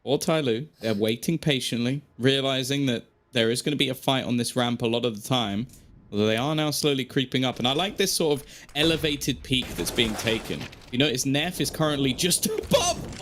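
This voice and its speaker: A man's voice: medium pitch, fairly bright tone, a little hiss or hum. Chatty male esports caster. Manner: chatty, joking, quick asides. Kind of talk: play-by-play esports commentary.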